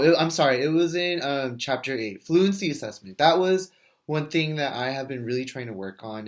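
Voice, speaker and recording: A man in his twenties, a first grade teacher, talking through a class reflection in a casual, thinking-aloud way with fillers and restarts. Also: medium pitch. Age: 20s. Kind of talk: recorded class discussion reflection.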